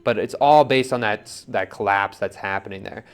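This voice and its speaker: A man's voice: on the low side, moderate pace, clear, resonant tone. A man casually demonstrating pottery on the wheel, talking his viewers through each step with lots of "like" and "right?". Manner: relaxed, chatty, lots of "like" and "right?". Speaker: pottery teacher.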